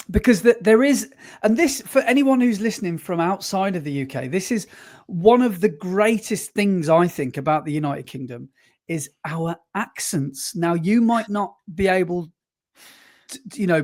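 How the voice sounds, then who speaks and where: A man co-hosting a podcast in casual chat, rambling and stop-start, often correcting himself mid-sentence. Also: high-pitched. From West Midlands, England. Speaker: podcast co-host.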